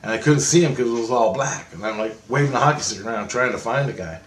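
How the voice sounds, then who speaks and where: A man's voice: mid-range voice, quick pace, echoey room, slight background noise. A man telling a long story in a casual, rambling monologue, swearing often and correcting himself as he goes. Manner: rambling, profane, animated retelling with self-corrections. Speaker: vlogger.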